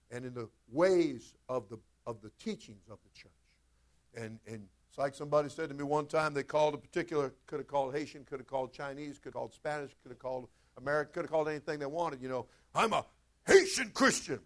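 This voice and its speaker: A man's voice: mid-range voice, fast talker, a little mellow. A male pastor preaching a sermon in a fervent, conversational way, often turning to speak straight to his congregation.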